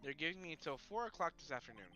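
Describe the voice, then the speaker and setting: A man's voice: on the high side, big pitch swings, very fast, pushed and bright, roomy sound, soft background music. A man casually reading game dialogue aloud alongside a friend.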